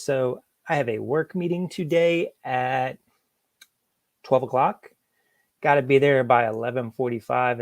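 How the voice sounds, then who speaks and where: Gravelly-voiced man chatting on a live stream. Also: medium pitch, dry recording. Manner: relaxed, chatty, greets viewers by name. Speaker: livestream host. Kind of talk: casual live-stream chat.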